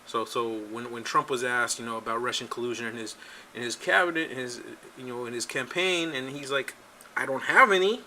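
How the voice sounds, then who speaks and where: Male show host, sharp bright tone, sarcastic casual commentary, restarts a lot, faint hiss behind. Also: medium pitch, a little fast. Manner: animated, repeats himself, sarcastic. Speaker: political talk show host. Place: home studio in California.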